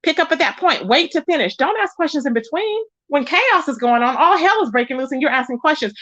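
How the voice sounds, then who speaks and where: High-voiced woman hosting a gossip livestream. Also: brisk, hardly any pauses, no echo. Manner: chatty, greets viewers in the chat by name; animated, pitch jumps up when excited. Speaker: live-stream gossip host. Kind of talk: casual live-stream chat. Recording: dull lo-fi sound, dry.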